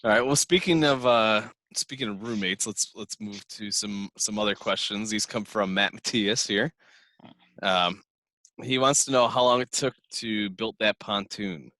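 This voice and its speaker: A man hosting a casual podcast interview, relaxed and laughing along as he reads listener questions. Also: on the low side, a little slow, no echo. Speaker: podcast host.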